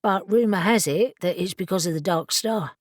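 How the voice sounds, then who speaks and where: A woman voicing a gruff, blunt, sarcastic male dealer in magical objects who swears freely. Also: on the low side, moderate pace, no echo, studio quality, lightly acted.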